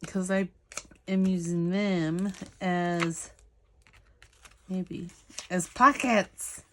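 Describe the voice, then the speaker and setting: A woman's voice: fairly low pitch, level tone, extremely slow, pushed and bright, a little hiss or hum. A woman with a Southern US accent chatting casually as she works on a craft project, talking to her viewers and now and then to her dog. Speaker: crafting channel host. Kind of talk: casual crafting vlog chat.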